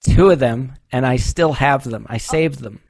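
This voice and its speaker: A man's voice: medium pitch, moderate pace, gravelly, darkish tone, no echo. A man from New Hampshire, a guest race director on a casual podcast, talking in a blunt, joking way and swearing freely. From New Hampshire, USA.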